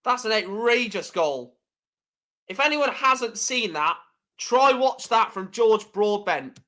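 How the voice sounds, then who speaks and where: A man's voice: sits high, lively intonation, slow, sharp tone. A man hosting a live stream, giving chatty fan commentary on a football match and swearing freely.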